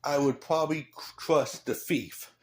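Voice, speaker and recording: A man's voice: a little high, unhurried, a little mellow, slight background noise. A man in a casual vlog, rambling through blunt opinions with loose asides. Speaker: vlogger.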